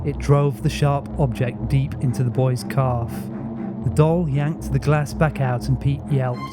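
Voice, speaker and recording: A man narrating a first-person horror story in a measured, steady storytelling voice. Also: medium pitch. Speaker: audiobook narrator.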